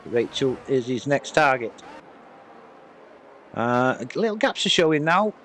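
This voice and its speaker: A man's voice: medium pitch, sing-song, unhurried, a bit bright, a little hiss or hum. Casual male sim racing commentator. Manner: casual, chatty, apologetic asides. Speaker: race commentator.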